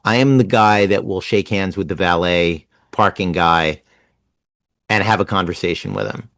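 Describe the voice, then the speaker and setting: A man in his sixties from New Jersey, telling stories fast and animatedly as a guest in a casual interview. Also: deep voice, no echo. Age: 60s. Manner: fast-talking, animated storyteller. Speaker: guest writer.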